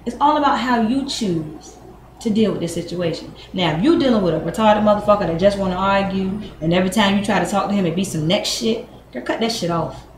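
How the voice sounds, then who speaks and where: A woman's voice: mid-range voice, fairly quick. A woman speaks, giving her niece frank advice. She is blunt and swears freely, acting out both sides of arguments. Her voice rings in an echoey room over a faint background hum. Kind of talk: casual advice talk.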